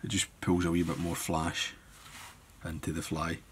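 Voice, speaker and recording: A man giving a relaxed step-by-step fly-tying tutorial, thinking aloud as he works. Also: sits low, moderate pace, a little hiss or hum.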